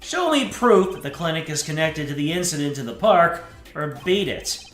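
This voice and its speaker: A man voicing a gruff, impatient male police guard who brushes people off, in an echoey room with game music. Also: fairly high pitch, sing-song, moderate pace, a bit bright. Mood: curt. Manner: curt, impatient.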